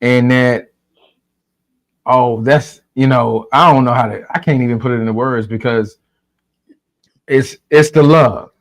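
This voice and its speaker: Man, mid-pitch, earnest church speaker, gropes for words, fatherly. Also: fairly even intonation, a little slow, long pauses. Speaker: father figure and mentor. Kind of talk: heartfelt church talk.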